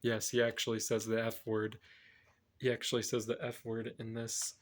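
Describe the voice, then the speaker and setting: Flat-toned man rambling through a plot recap. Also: lowish voice, moderate pace. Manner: rambling, self-correcting retelling. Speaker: movie reviewer. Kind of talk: casual plot recap for a film review.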